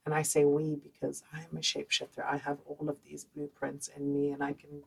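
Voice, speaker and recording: A woman with a Dutch accent speaks in a low, gravelly register with a husky edge. She tells her story in an animated, chatty way, loose and full of fillers, as a podcast host talking straight to her listeners. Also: fairly quick, low-quality recording. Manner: animated, conversational, many fillers. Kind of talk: personal storytelling monologue.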